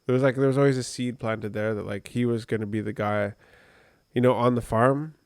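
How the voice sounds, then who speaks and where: A man's voice: medium pitch, steady tone, fairly quick, darkish tone, clean tone, no room sound, studio quality. A man co-hosting a podcast, telling a personal story in a rambling, conversational way with many fillers. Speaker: podcast co-host. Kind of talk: casual podcast chat.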